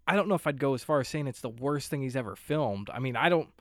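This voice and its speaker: A man's voice: mid-range voice, expressive, fast talker, no room sound, clean studio sound. A man co-hosting a casual movie review chat, sarcastic and joking about plot holes. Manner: sarcastic, wry jokes. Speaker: podcast co-host.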